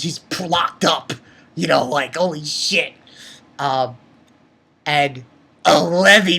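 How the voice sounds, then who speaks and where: A woman giving an excited anime episode review, talking in an animated way with exclamations and swearing. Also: deep voice, slow pace, gravelly, pauses often, husky.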